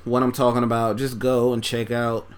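A man's voice: mid-range voice, completely flat delivery, normal speed, clean tone. A man casually reviewing an album track by track, loose and profane, with lots of fillers, talking while he folds laundry. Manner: talks while folding laundry. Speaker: music reviewer.

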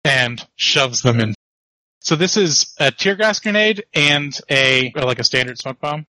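A man's voice: fairly high pitch, expressive, a little slow, sharp tone, no echo, low-quality recording. A man playing a tabletop role-playing game, describing his character's moves step by step. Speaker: player.

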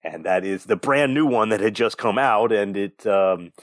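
A man's voice: on the low side, moderate pace, no echo, clean studio sound. Rambling young man telling a story. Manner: rambling storyteller, swears, lots of fillers. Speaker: podcast co-host. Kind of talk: casual chat.

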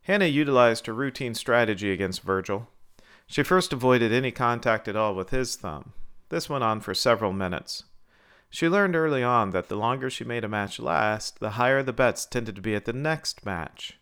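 A man reading a short story aloud in a measured, scripted narration. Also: medium pitch, lively intonation, a bit bright, clear, resonant tone.

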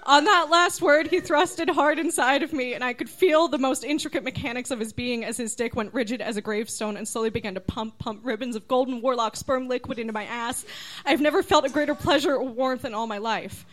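A woman reading her own overwrought fan fiction aloud as a comedy contestant, in a slow, deadpan dramatic style. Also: sits high.

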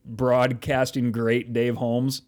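A man's voice: mid-range voice, level tone, slow pace, a little mellow. A man co-hosting a casual podcast, rambling, swearing often and trailing off while hunting for names. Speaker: podcast co-host. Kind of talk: casual chat.

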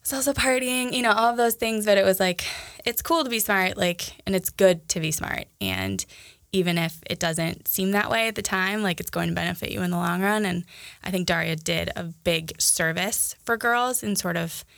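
Woman, Minnesota accent, young adult, podcast co-host, casual rambling chat, gravelly fry, dry close sound. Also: medium pitch, expressive, moderate pace, a bit bright, no echo. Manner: chatty, many fillers and restarts.

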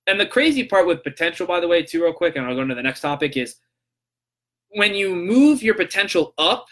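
Young male podcast host, bright slightly high voice, animated storyteller who voices both callers. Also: fairly quick. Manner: animated, acts out both sides of a phone call. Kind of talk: casual storytelling monologue.

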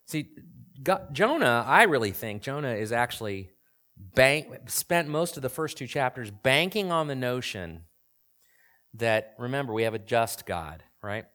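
Guy in his 40s preaching, chatty, keeps asking the crowd stuff, normal pitch. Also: lively intonation, measured pace, a bit bright. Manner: conversational, asks the audience questions. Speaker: pastor. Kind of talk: sermon.

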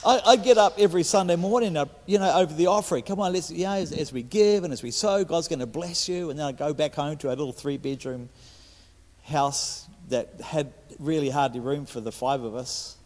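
High-voiced Kiwi preacher in a hall. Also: male voice, a little fast. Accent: New Zealand. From New Zealand. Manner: repetitive restarts, swings from loud to hushed. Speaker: guest preacher. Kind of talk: sermon. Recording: echoey hall.

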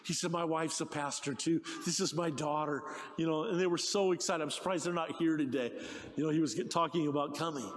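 A middle-aged male pastor preaching a sermon, telling stories in an excited, animated way with many restarts. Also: a little high, fairly quick, slight background noise. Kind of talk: sermon with storytelling. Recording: long hall reverb.

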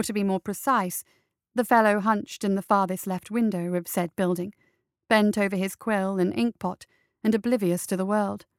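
A woman narrating a story in a steady, even storytelling manner. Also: medium pitch, dry recording, clean studio sound. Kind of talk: audiobook narration.

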